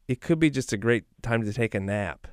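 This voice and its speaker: A man's voice: medium pitch, lively intonation, fairly quick, no echo. A man hosting a radio talk show, playful and teasing with his guests. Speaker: radio host. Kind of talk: casual radio chat.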